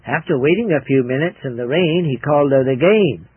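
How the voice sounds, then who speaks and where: A man's voice: mid-range voice, fairly quick, husky, dry recording. A man telling a gospel story to children on radio, earnest and preaching, stressing key words. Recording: tinny lo-fi radio recording.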